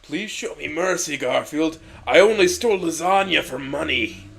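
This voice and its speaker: A man voicing a gloating male mercenary leader who shouts his lines. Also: a little high, lively intonation, normal speed, creaky, slightly rough, pitched above the performer's own voice, heavily acted. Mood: begging.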